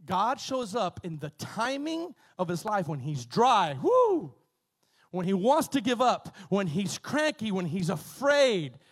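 A man preaching a sermon, retelling a story in a lively, conversational way, with many repetitions and asides to the congregation. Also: high voice, unhurried, hardly any pauses. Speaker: pastor.

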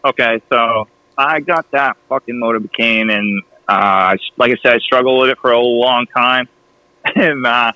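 A man's voice: medium pitch, a little slow, no echo, highs cut off. Laughing Rhode Island guy telling stories. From New England. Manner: laughs often, swears, animated storytelling. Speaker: podcast guest. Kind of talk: casual chat.

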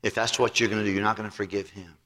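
A preacher doing a stern, hushed old king. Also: lowish voice, little pitch movement, rapid-fire, pitched below the performer's own voice, close to an everyday voice. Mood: angry. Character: stern wealthy king, older man, commanding. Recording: long hall reverb.

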